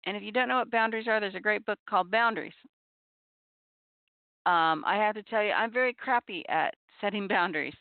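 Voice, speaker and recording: A middle-aged woman hosting a talk show on abuse recovery, giving earnest, measured advice and repeating her key points. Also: mid-range voice, vocal fry, no room sound. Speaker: podcast host on abuse recovery. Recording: tinny phone-like audio.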